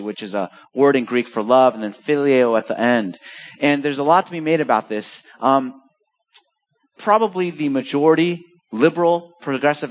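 A man preaching a sermon, telling a story with lively acted-out quotes. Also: medium pitch. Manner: animated storytelling, acts out quoted voices. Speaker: pastor.

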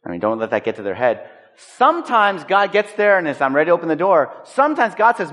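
A man's voice: fairly high pitch, very animated, fast, fairly bright tone. A man preaching a sermon as a pastor, talking conversationally and acting out everyday stories. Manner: conversational, acts out anecdotes. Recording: echoey hall.

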